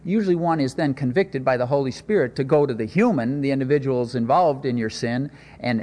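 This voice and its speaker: A man preaching a sermon, telling a scripture story with dramatic swings between loud and soft. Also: medium pitch. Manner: expressive storytelling with sudden swings in loudness. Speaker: pastor. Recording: long hall reverb.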